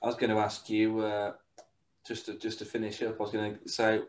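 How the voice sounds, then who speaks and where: A man's voice: on the low side, completely flat delivery, brisk, poor audio. A man hosting a podcast, asking loose questions with brief encouraging replies. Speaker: podcast host. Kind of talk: casual interview.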